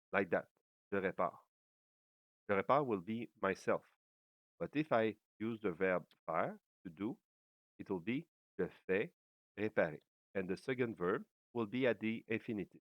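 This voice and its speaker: Slow, low-voiced teacher. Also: male voice, dry recording, dull audio. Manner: slow and careful, with frequent pauses and fillers. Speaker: French teacher. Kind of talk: slow language lesson.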